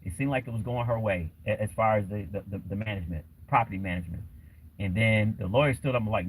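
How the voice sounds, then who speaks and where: A man's voice: fairly low pitch, quick pace, slight background noise, low-quality recording. A man hosting a casual livestream, talking in a rambling way with lots of fillers. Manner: rambling, many fillers and restarts. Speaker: livestream host.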